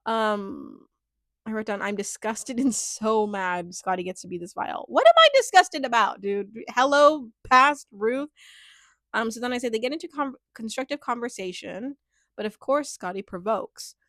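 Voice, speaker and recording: A woman's voice: mid-range voice, fairly bright tone, no room sound. Chatty young woman, dry close mic. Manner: chatty, heavy filler words, frequent laughs. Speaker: reality TV recap vlogger. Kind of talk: casual reaction chat.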